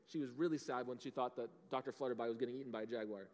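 A man in his thirties giving a lively children's sermon, often asking the kids questions. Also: mid-range voice, rapid-fire. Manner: animated, asks the kids questions. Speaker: children's pastor. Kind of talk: kids' sermon. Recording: long hall reverb.

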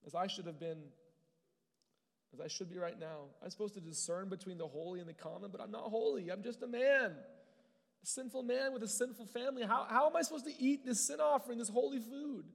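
A man's voice: sits high, brisk, creaky, big-room sound, voice pushed up. A man voicing a grieving older male priest who pleads in anguish over his own unworthiness.

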